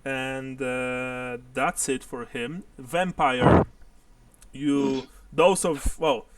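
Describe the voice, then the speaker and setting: A man's voice: medium pitch, fairly even intonation, very slow, distant mic, very noisy. Game master, male, mid-range voice, a little off-mic, laughs a lot. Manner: explains rules, laughs often. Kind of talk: narrating a tabletop game online.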